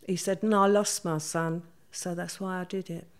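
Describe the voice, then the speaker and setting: Low-voiced woman recounting events. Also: fairly even intonation. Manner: vivid, hurried retelling with many quoted voices. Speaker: interviewee. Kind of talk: conversational storytelling.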